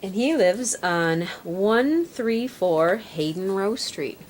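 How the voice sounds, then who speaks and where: A woman's voice: medium pitch, expressive, takes it slowly, a little mellow. A woman with a Midwestern accent, interviewing an older man at his home with friendly, prompting questions. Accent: Midwestern American. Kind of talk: oral history interview.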